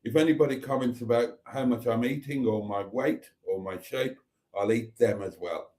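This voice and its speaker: A man's voice: mid-range voice, moderate pace, darkish tone. A middle-aged man, chatting casually on a live stream and reading viewer comments aloud with playful asides.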